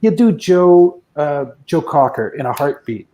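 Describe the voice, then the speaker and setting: A man in his sixties, a guest musician telling rambling, reflective anecdotes with soft chuckles in a casual interview. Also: on the high side, very animated, measured pace, rough recording.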